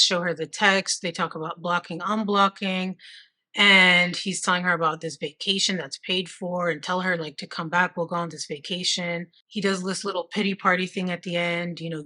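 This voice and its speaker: Bright-voiced woman retelling a story. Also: lowish voice, fairly even intonation, moderate pace. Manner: conversational, reads out texts with asides. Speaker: true crime commentator. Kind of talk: casual storytelling commentary.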